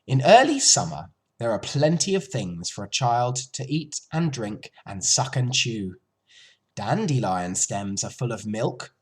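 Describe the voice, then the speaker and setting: Man, teacher, reading a children's book aloud, expressive, animated pitch, slow. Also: slightly rough. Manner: expressive storytelling, lively pitch.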